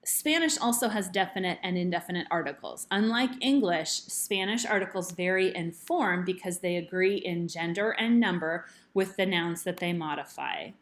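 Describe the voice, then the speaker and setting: A woman teaching a recorded Spanish grammar lesson, explaining rules slowly and spelling out examples letter by letter. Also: on the low side.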